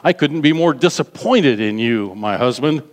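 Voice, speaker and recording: Scornful royal wife, slow and disdainful, as a man puts her on in a sermon, with long hall reverb. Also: mid-range voice, animated, lightly acted.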